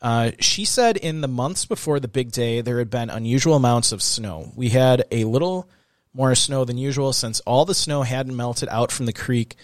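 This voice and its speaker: A man's voice: medium pitch, normal speed, no echo, studio quality. Tired man hosting a late podcast. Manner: reads quotes aloud, then chats loosely with fillers. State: tired, recording late at night. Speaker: podcast host. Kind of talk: casual true-crime podcast chat.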